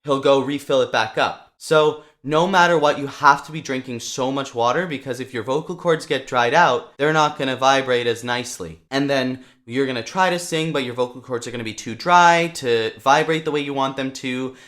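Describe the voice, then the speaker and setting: A man's voice: medium pitch, moderate pace, few pauses. Upbeat young male vocal coach. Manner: lively, demonstrates voice sounds. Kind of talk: singing lesson to camera.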